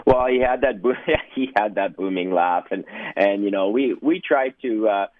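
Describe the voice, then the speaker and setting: A man's voice: on the low side, normal speed, dry recording. A man, a former sportscaster, telling anecdotes in a rambling way, with lots of fillers and laughing through his stories. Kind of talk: anecdotal storytelling. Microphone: phone line. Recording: tinny phone line.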